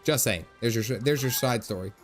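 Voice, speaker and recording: A man's voice: medium pitch, brisk. A man chatting casually while livestreaming a video game, telling stories with laughs and asides. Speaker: gaming livestreamer. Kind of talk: casual chat over gameplay. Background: faint game music.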